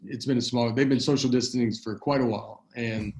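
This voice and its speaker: A man's voice: mid-range voice, fairly even intonation, brisk, darkish tone. A man guesting on a podcast, chatting in an easygoing, rambling way full of restarts. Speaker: comedian guest. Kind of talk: casual chat.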